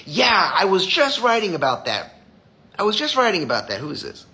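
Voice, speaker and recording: A man's voice: high voice, wildly swooping pitch, a little fast, pushed and bright. A man hosting a live stream as a designer, chatting casually with viewers in a blunt, profane way.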